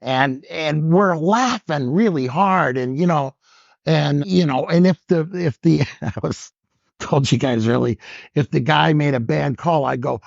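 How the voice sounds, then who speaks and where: An older man with a rough, husky voice tells stories in a relaxed chat and laughs a lot. He jumps into loud high-pitched voices whenever he quotes someone. The sound is dry and slightly muffled. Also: unhurried, no room sound. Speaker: guest comedian. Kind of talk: storytelling in casual chat.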